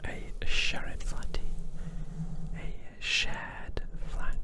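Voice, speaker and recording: A German ASMR creator with a German accent, whispering softly in English with hesitant fillers and playfully repeating and mangling words. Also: takes it slowly.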